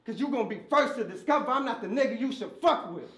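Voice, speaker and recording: A man's voice: very high-pitched, expressive, quick pace, fairly bright tone, roomy sound. A man battle rapping a cappella, delivering taunting punchlines at an opponent at a live event. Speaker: battle rapper.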